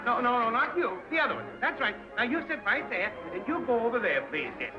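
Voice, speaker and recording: A flustered party host from an old comedy film, bossing guests around in a high, lively voice. The sound is dull, like an old film soundtrack, with music playing behind him. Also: male voice. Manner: hurried, fussing, repeating orders. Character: flustered male party host, fussy and bossy.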